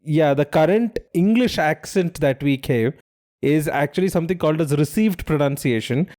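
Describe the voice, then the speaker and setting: A man's voice: on the high side, moderate pace, a little mellow. A man co-hosting a quiz podcast, giving clues and explaining trivia at length in casual chat.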